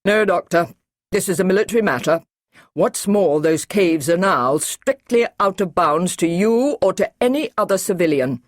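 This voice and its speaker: Stern male brigadier for an audiobook, firm and clipped, voiced by a woman, lively delivery, dry close sound. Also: on the low side, normal speed, dry recording, pitched above the performer's own voice, close to an everyday voice. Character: brisk middle-aged male army brigadier, stern.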